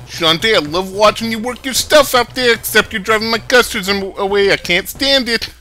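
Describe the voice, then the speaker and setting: A man's voice: sits high, moderate pace, sharp tone, faint music behind, voice pushed up. A man voicing a sleazy, brash male dance club boss who talks in a crude, pushy, leering way.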